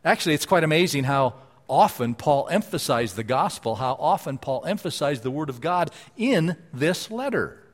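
Guy preaching a sermon, kinda high voice, keeps repeating stuff, big echoey church sound. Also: lively intonation, normal speed. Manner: repetitive emphatic phrasing, swings between loud and hushed. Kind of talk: sermon with scripture reading. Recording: long hall reverb.

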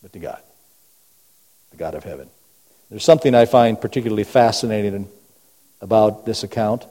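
A pastor delivers a sermon in a church sanctuary, his mellow, dark voice carried by a long hall reverb and moving a little fast. He fires off rhetorical questions one after another, swinging between booming emphasis and hushed, low lines.

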